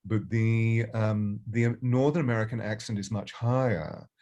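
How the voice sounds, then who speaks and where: A man's voice: on the low side, fairly even intonation, a little slow, darkish tone. An older man, a voice and presence coach, giving expansive and reflective interview answers.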